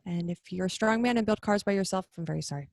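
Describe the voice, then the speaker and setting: A woman's voice: medium pitch, fast talker, vocal fry, darkish tone, no room sound. A woman co-hosting a casual racing podcast, earnest and a little hesitant. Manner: earnest, hesitant, many fillers. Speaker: podcast co-host. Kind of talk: casual chat.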